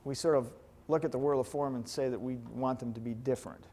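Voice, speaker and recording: A man teaching a class on hypnotherapy in a lively way, joking now and then and putting questions to his audience. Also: medium pitch, fast talker, a little hiss or hum. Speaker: hypnotherapy instructor. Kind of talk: lecture to a live class.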